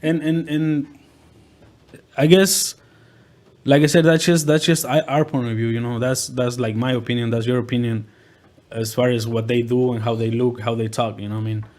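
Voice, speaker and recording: A man's voice: mid-range voice, level tone, moderate pace, darkish tone. A man who is a rapper, talking as a guest in casual chat, hesitant and repeating words with lots of fillers.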